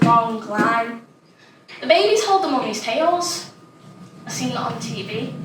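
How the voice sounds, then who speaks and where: A woman's voice: fairly high pitch, noisy background, natural voice. A woman playing an imaginative, chatty young child, delivering a dramatic monologue, childlike and plain-spoken. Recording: roomy echo, distant mic, faint ambience.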